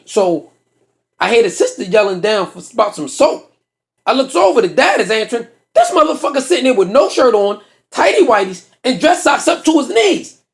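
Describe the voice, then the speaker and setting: A man's voice: extremely high pitch, normal speed. A man telling a profane comic story on stage, acting out the people in it. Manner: profane, animated storytelling with acted-out voices. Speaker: stand-up comedian. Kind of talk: stand-up storytelling.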